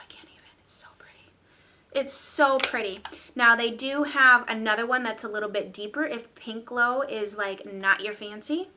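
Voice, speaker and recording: A woman's voice: on the high side, pushed and bright. A young woman reviewing makeup in a chatty, gushing way, full of fillers. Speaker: beauty vlogger. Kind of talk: casual product review.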